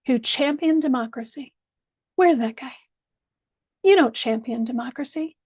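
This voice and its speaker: A woman's voice: high-pitched, measured pace, pauses often, a little mellow, slightly rough, dry recording. A woman delivering a blunt, profane video rant straight to camera, addressed to a politician. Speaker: political commentator.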